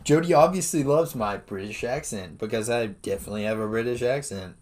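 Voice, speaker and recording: A man from Los Angeles co-hosting a podcast, excitable and casual, saying dude a lot. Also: medium pitch, a little fast. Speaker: podcast co-host. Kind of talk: casual chat.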